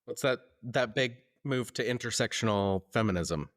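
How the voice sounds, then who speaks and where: A man's voice: medium pitch, normal speed, a bit bright. Easygoing laughing Californian man. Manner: easygoing, laughs while telling stories. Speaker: podcast co-host. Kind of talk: casual conversational podcast.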